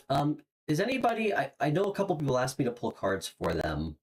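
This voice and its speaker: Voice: mid-range voice, wildly swooping pitch, brisk, low-quality recording. A tarot reader hosting a live stream, giving a casual, encouraging reading with lots of "um" and "like" and repeated words while searching for the next thing to say.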